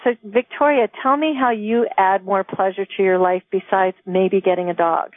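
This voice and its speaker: A woman's voice: mid-range voice, steady tone, normal speed, no room sound. A woman host asking questions in an upbeat, playful way. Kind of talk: casual interview. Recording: phone-like dry sound.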